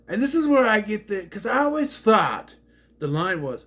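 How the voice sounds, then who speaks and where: A man talks through a movie recap in a casual, rambling way, his voice swinging up and down with plenty of life. He sits a little higher than most men and pads his thoughts with fillers. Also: expressive, a bit bright. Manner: rambling, with fillers and quick voice impressions.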